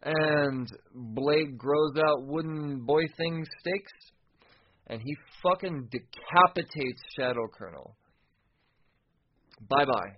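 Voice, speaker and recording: A man hosting a podcast, recapping a comic book casually, excitable and profane, often restarting sentences. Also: fairly high pitch, highs cut off. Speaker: podcast host.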